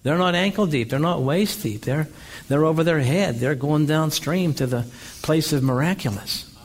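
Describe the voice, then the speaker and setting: A male pastor preaching an energetic sermon, telling stories and calling for amens. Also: fairly high pitch, moderate pace. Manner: energetic, calls for amens, storytelling.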